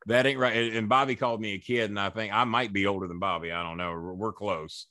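A man's voice: on the low side, flat delivery, fast talker, bright, forceful tone, no echo, studio quality. A man in his sixties, a wrestling manager as guest, telling long rambling anecdotes with profanity and frequent restarts. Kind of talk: casual anecdotal storytelling.

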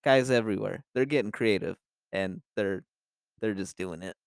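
A young man co-hosts a football podcast in a loose, profane chat style, often restarting his sentences. His voice is smooth and clear. It sounds close and dry, with no room sound. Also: lowish voice, normal speed, dry recording. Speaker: podcast co-host. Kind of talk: casual sports chat.

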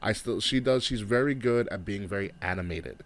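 A man co-hosting a casual chat, talking in a measured, analytical way. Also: on the low side. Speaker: podcast co-host.

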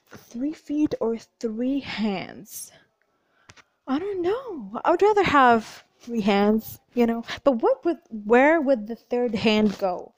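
A young woman vlogger chatting loudly and talkatively through would-you-rather questions. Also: fairly high pitch, no echo. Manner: chatty, animated, loud and talkative.

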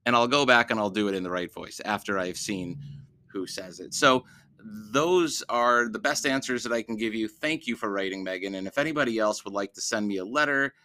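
A man's voice: on the low side, fairly quick, pushed and bright. A man hosting a book podcast, chatting casually with lots of fillers and restarts, answering listener mail. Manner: chatty, rambling with many fillers. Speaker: podcast host reading books aloud; teacher.

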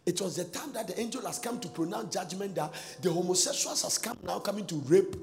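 A man preaching a sermon in a sing-song cadence that swings between shouts and soft asides. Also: high-pitched, a little fast, soft background music. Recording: long reverb of a large hall.

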